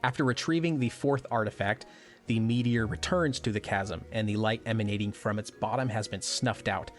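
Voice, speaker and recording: A man co-hosting a podcast, reading a measured, wry scripted recap as the narrator. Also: fairly low pitch, steady tone, faint music behind.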